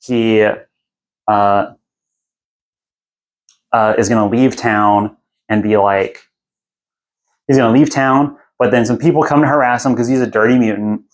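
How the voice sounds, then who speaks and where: A young man hosts a podcast, summarizing a fantasy book in a loose and irreverent way. His voice sits at an ordinary middle pitch. He rambles through fillers and restarts. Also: fairly even intonation, measured pace, long pauses. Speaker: podcast host. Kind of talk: casual book recap.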